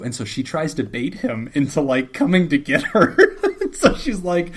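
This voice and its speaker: A middle-aged man who co-hosts a podcast as a therapist, telling a story with an animated delivery. He switches into the voices of the people he quotes, and his pitch jumps widely as he goes. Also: a little fast, few pauses, husky. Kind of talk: casual storytelling chat.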